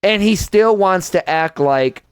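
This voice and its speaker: A young man hosts a casual podcast chat, ranting in a heated, profane way. His voice sits a little high for a man, and the sound is close and dry with no room around it. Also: animated, a little slow, clear, resonant tone, no echo. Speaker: podcast host.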